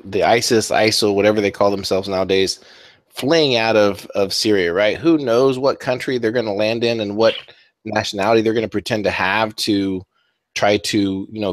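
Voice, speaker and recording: A man co-hosting a political talk radio show, talking in a steady but halting way with many fillers. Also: on the low side, no room sound. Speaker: co-host.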